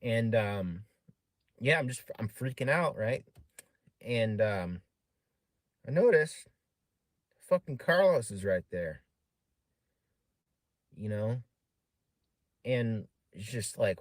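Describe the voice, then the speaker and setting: A man's voice: mid-range voice, animated, unhurried, long pauses, no room sound. A man casually telling a long story on a live stream, rambling with many fillers and frequent swearing.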